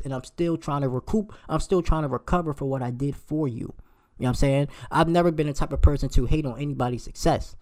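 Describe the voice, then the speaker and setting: A man in his late twenties telling a heated storytime rant, emphatic and profane, his voice jumping high when he gets outraged. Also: quick pace, a little mellow. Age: late 20s.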